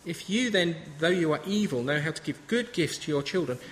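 A man's voice: fairly high pitch, lively intonation, a little fast, a little hiss or hum. A man in his thirties preaching a sermon in a chatty, story-telling way. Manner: conversational, anecdotal preaching. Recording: reverberant hall with faint ambience.

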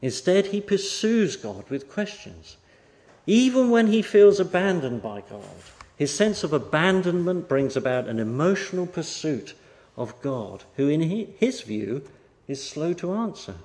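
A male preacher delivering a Bible sermon in a fairly high voice that swings widely in pitch. He leans hard on key words and then lets his sentences sink quietly at the end. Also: sing-song, measured pace. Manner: emphatic, rising for stress and dropping soft at phrase ends. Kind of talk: expository sermon.

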